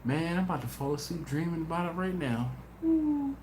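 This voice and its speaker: A tired man hosting a casual livestream, telling stories in a lively way and doing voices for his friends. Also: on the high side, quick pace. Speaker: BBQ channel host. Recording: echoey room with faint noise.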